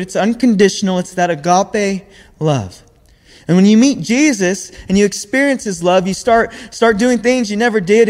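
A young man giving a sermon in an earnest way, often repeating words as he searches for the next phrase. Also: high-pitched. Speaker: preacher. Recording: long hall reverb.

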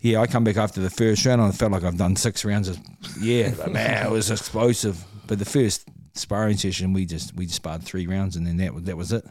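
A man's voice: low-pitched, steady tone, brisk, hardly any pauses, a little mellow, no room sound. A man with a New Zealand accent, a guest on a podcast, telling stories in a laid-back, casual way, swearing freely and laughing as he goes. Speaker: podcast guest, former boxer. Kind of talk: casual interview storytelling.

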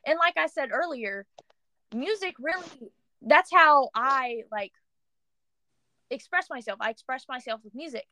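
A young woman co-hosting a podcast, telling a story in animated casual chat full of "like" fillers. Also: high-pitched, unhurried, pauses often, no echo. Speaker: podcast co-host.

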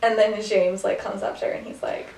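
A woman's voice: mid-range voice, little pitch movement, fairly quick, creaky, a little mellow. A woman casually retelling a story with lots of fillers and laughs. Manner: rambling, many "like" fillers, frequent laughter. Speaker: podcast co-host retelling a story. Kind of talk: casual chat. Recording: echoey room, distant mic.

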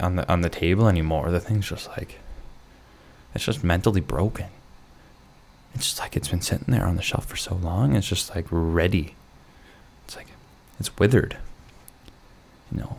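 A young man talks alone into a mic in his bedroom, drifting from one tangent to the next with a steady stream of fillers. His voice sits low with a gravelly fry, and the humor is dry and self-mocking. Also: moderate pace, pauses often. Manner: rambling, full of "like" fillers and restarts. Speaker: podcast host. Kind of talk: rambling solo monologue. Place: his bedroom, lamp in the corner.

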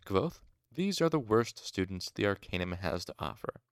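A man reading as a cheerful young student from a fantasy novel, teasing and joking with his friends. The voice is low and gravelly, with a dry, close sound. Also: very animated, normal speed, no echo.

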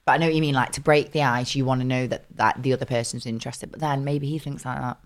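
A young woman with a strikingly deep, low voice and a Manchester accent that often drifts toward southern vowels. She co-hosts a podcast in a chatty, teasing way, trading banter with her friend. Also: fairly even intonation, fast talker. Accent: Manchester, often with southern English vowels. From South Manchester, England. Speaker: podcast co-host. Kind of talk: casual chat.

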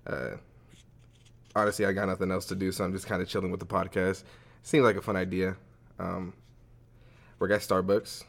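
A man's voice: deep voice, little pitch movement, moderate pace, vocal fry, long pauses. A young man co-hosting a podcast, talking in a laid-back, slangy way and laughing often. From Las Vegas. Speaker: podcast co-host. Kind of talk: casual chat.

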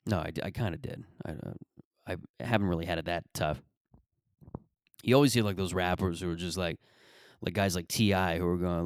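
30s dude ranting about high school, swears a ton, lowish voice, dry close mic. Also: male voice, fairly even intonation, a little fast, long pauses, no room sound. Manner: rambling, profane storytelling. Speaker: podcast host. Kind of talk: casual comedic monologue.

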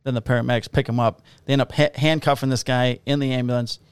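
A man's voice: medium pitch, steady tone, fast talker, clean tone, no room sound, studio quality. A man, a police officer, casually telling profane, laughing stories about his shifts. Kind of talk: casual storytelling on a podcast.

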